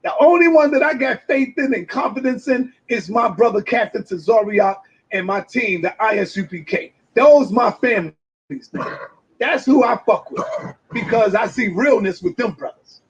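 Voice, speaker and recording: A man in a brash, swearing reaction rant with loud outbursts, heard through dull lo-fi clip audio. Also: very high-pitched, normal speed, slightly rough. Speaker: commentator reacting to a video.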